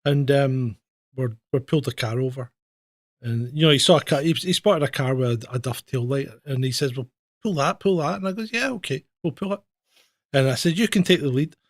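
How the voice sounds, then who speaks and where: This Scottish former police officer co-hosts a casual talk show, where he swaps anecdotes. His mid-range voice moves fairly quickly, and he laughs through his stories while acting out the voices of the people he quotes. There's no room sound.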